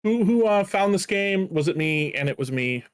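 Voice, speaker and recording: A man's voice: high voice, animated, moderate pace, smooth, dry recording. A man co-commentating a game stream in a chatty, hesitant way with many fillers.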